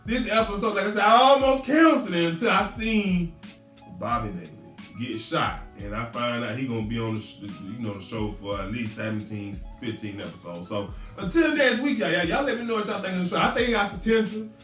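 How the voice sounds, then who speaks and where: A man's voice: fairly high pitch, brisk, distant mic. A man casually recapping a TV episode, exclaiming at the characters and laughing as he talks. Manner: animated, exclaims at the characters, laughs while talking. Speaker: TV show reviewer. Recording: echoey room, off-mic, faint music.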